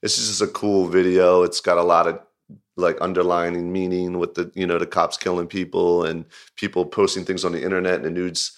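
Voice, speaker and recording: Low-voiced man telling a rambling story. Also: brisk. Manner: rambling, filler-heavy storytelling with frequent "like"; animated, laughing retelling. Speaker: music video director. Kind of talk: casual anecdote in an interview.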